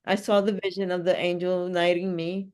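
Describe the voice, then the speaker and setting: A lower-pitched woman talks over a video call in an animated, emphatic and playful way. She speaks as a spiritual healer and host in a casual heartfelt chat. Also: normal speed, smooth.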